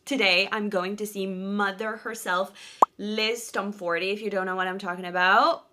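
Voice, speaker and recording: Young woman book vlogger, casual and gushing, expressive with quick asides. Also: mid-range voice, very noisy. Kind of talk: casual reading vlog chat. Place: sitting in one spot, filming herself.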